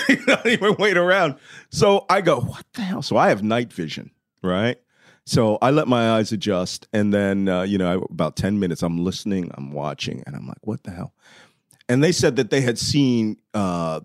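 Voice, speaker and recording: A middle-aged man telling war stories as a podcast guest, lively and laughing often as he acts out the dialogue. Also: lowish voice, no echo, studio quality. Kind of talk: animated war storytelling.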